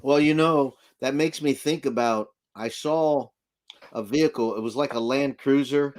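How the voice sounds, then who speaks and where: A man's voice: mid-range voice, unhurried, a little mellow. A man hosting a live stream in casual chat, easygoing and reading viewer comments aloud.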